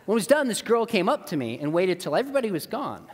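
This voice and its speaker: A man's voice: sits high, fast, slightly rough. A middle-aged man giving a church seminar talk, telling stories and acting out the voices of the people in them. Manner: animated, acts out dialogue in quoted voices. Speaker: apologetics speaker. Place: church auditorium. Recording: long reverb of a church hall.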